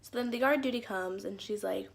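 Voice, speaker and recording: In a casual story time vlog, a YouTuber recounts embarrassing stories from her childhood, filling her speech with "like" and acting out quotes. The young woman's voice is a little high and her pace is brisk.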